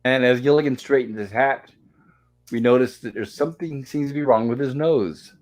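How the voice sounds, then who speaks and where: A live stream host speaks in a mid-range, slightly mellow voice at a moderate pace. Recapping an episode casually, he reads the dialogue aloud with little performance.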